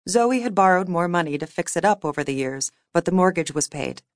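A woman reading fiction aloud as an audiobook narrator, with measured, wry storytelling. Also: lowish voice, expressive, no echo, clean studio sound. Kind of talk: scripted narration.

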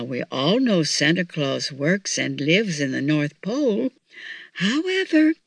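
Slow-reading woman storyteller. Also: on the low side, fairly bright tone, no echo. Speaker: audiobook narrator. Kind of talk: children's story narration.

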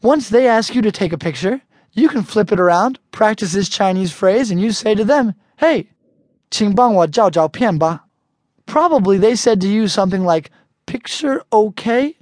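An American man teaching an audio language lesson, chatty and relaxed, slowing down carefully to model each phrase. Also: high-pitched, no room sound, studio quality. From United States.

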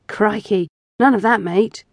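A woman's voice: medium pitch, a little slow, no echo, studio quality, natural voice. A woman voicing an eager, impatient husband who exclaims and protests in a raised voice. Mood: warning.

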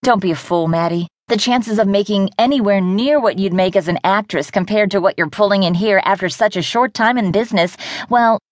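A woman's voice: mid-range voice, brisk, no echo, studio quality, close to an everyday voice. A woman narrator voicing a young woman, a blunt, patronizing best friend, in an audiobook. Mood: dismissive. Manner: dismissive, patronizing. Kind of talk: audiobook character voice.

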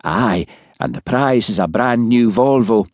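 A man voicing an earnest, soft-hearted young police constable who talks anxiously. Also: mid-range voice, unhurried, no room sound, pitched above the performer's own voice.

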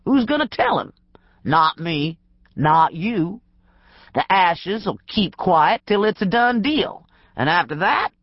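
A woman's voice: lowish voice, big pitch swings, takes it slowly, no echo, dull audio, exaggerated voice. Woman doing a soothing scheming husband. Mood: confident. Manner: soothing, confident. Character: reassuring middle-aged husband, quietly scheming.

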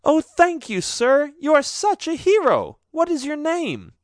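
A high, squeaky storybook girl, breathless with gratitude toward her rescuer, as a man narrator puts her on. Her voice jumps far above the reader's own and swings lively from word to word. The recording is dry and close. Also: measured pace, no echo, heavily acted. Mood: grateful. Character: frightened young girl captive in a dream, grateful.

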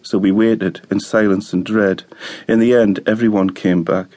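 A man reading a novel aloud as an audiobook narrator, calm and measured. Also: lowish voice.

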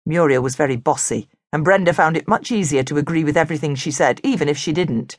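A woman narrating a children's storybook in an animated, expressive way. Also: sits low, fast talker, dry recording, clean studio sound. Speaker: audiobook narrator.

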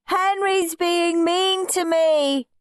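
A prim, whiny little boy from a storybook, high-pitched and snivelling, dragging his words out slowly, as a woman reader puts him on. Dry, close sound. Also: sing-song, no room sound. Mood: whining.

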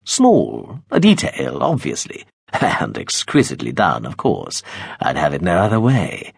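Man voicing a deep, pompous villain calling out. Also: wildly swooping pitch, a little slow, creaky, slightly rough, dry recording, clean studio sound, heavily acted. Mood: cajoling menace. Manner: pompous, cajoling, theatrical. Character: smug wealthy menacing man hunting a girl. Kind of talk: audiobook character voice.

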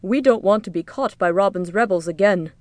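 A woman voicing Merrick, a hefty male rebel who loves to joke, calling out loudly in a teasing, mock-obedient way. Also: medium pitch, fairly quick, dry recording, natural voice. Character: hefty joking male guard, a sly comedian.

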